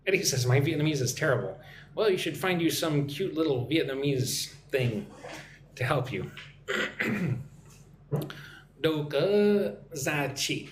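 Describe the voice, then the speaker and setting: A man from Texas with an American accent, hosting a live-stream English lesson, chatty and repeating phrases slowly for learners. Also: fairly high pitch, animated, reverberant, a little hiss or hum. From Texas, United States. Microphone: phone or computer mic for live stream.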